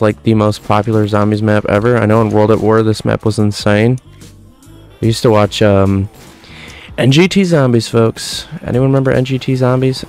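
A man's voice: lowish voice, darkish tone. A man in his twenties giving casual, jokey gameplay commentary, tossing in "folks" and "quite frankly" as he rambles. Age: 20s. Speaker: gaming commentator.

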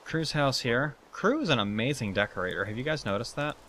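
A man's voice: mid-range voice, lively intonation, fairly quick, a bit bright, slight background noise. A man hosting a let's play, chatting casually and swearing as he guides a tour through a game world. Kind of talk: casual gameplay commentary.

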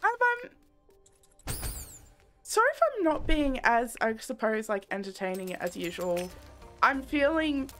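A young woman streaming a game, chatting candidly and rambling in a soft-spoken way, laughing often. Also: fairly high pitch. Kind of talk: casual live-stream chat while gaming.

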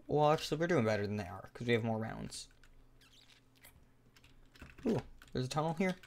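A young man narrates his video game round live from his desk mic, in a casual, talky way. He swings between excitable play-by-play and dry sarcasm at his teammates. Faint clicks and gunfire hum underneath. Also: medium pitch, normal speed, long pauses. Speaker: gaming YouTuber. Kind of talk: live gameplay commentary.

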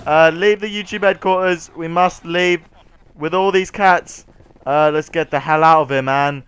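A man narrating a comedic video game skit, with exaggerated, melodramatic exclamations, sarcastic asides and bursts of panicked yelling. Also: fairly high pitch, steady tone, unhurried. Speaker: YouTuber touring a game build. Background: clear background music.

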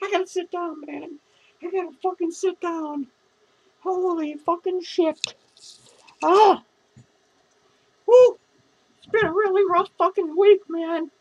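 Shrill sloshed clown dude, cussing nonstop and rambling with slurred words. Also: male voice, fairly even intonation, unhurried, lo-fi sound. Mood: drunk, rambling. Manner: slurred, rambling, swearing constantly, giggling. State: drunk. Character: drunk, foul-mouthed lonely male clown. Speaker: comedy character performer. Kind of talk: improvised comedy monologue.

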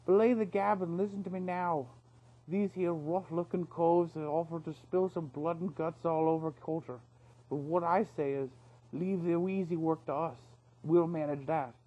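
A man voicing a gruff male otter sea captain who talks like an old sailor and barks orders, for a read-aloud storybook. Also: on the high side, steady tone, normal speed, lo-fi sound, natural voice. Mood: rousing. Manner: salty sailor talk, commanding.

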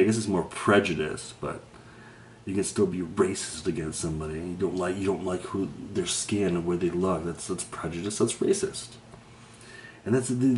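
A man's voice: low voice, a little mellow, slight background noise. A man talking to the camera in a rambling personal monologue, swearing constantly and laughing between thoughts. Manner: profane, rambling, laughs often. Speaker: vlogger.

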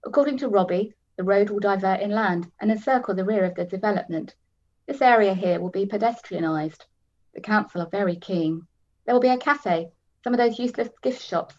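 A woman's voice: medium pitch, fairly quick, darkish tone, highs cut off, lightly acted. A woman putting on a cooing, bossy pavilion owner. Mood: chatty. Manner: cooing, eager, commanding.

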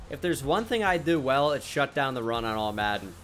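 A man's voice: medium pitch, fairly quick, few pauses, faint music behind. Laid-back young man commenting on gameplay. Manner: laid-back, self-mocking, sudden excited outbursts. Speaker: gaming channel host.

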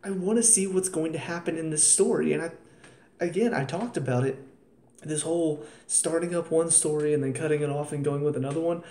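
A man's voice: fairly high pitch, a little fast, warm tone. Exasperated man ranting a TV review. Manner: exasperated, ranting, sarcastic asides. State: tired. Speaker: TV show reviewer. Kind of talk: casual spoken episode review. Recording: roomy echo, faint ambience.

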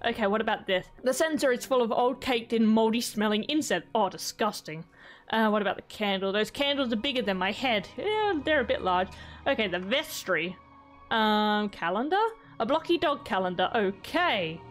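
A woman's voice: on the high side, animated, moderate pace, soft background music. A young woman doing chatty, giggly let's-play commentary, reading game text aloud. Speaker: game streamer.

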